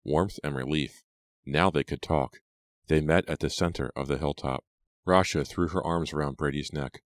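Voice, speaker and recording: Deep-voiced man for audiobook narration, measured and steady, dry close-mic sound. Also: dry recording.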